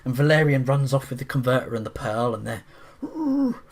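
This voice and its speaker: A man talking through a film in a loose, chatty review, tripping over his own sentences and circling back as he goes. He sounds excited about the scenes, with a voice pitched in an ordinary middle male range. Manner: rambling, with frequent restarts and fillers; enthusiastic, breaks into quick voices. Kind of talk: casual film review monologue.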